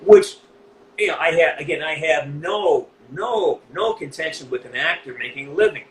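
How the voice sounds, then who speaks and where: A middle-aged man from New England with a Northeastern US accent, speaking as an interview guest, blunt and animated, with a lot of swearing. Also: on the high side, moderate pace, reverberant, a loud crowd, poor audio. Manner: blunt, profane, animated storytelling. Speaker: voice actor guest. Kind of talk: candid interview.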